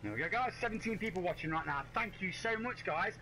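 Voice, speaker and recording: A man chatting on a live stream, warmly thanking his viewers by name. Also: sits high, lively intonation, quick pace, a little hiss or hum, rough recording. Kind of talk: casual live-stream chat.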